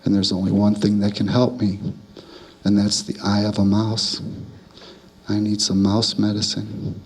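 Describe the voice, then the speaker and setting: A man voicing an old, sick male buffalo who speaks slowly and plainly in a traditional animal tale. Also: on the low side, monotone, a little mellow, close to an everyday voice. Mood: steady.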